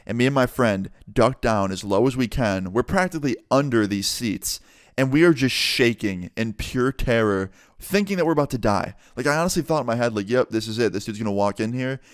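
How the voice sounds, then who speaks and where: A young man telling a storytime tale in a casual, animated way, acting out the quoted lines and swearing freely. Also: medium pitch, brisk, smooth, dry recording, studio quality.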